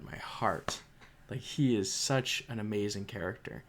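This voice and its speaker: A man's voice: lowish voice, a little slow, slight background noise. A young man giving a casual spoken book review, emotional and rambling, with frequent restarts and fillers.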